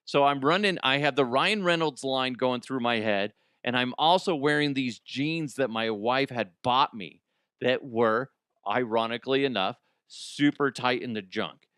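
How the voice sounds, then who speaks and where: A man's voice: medium pitch, measured pace, a bit bright, smooth, no echo, clean studio sound. A man hosting a comic news podcast, rambling and joking with frequent laughs. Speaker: podcast host.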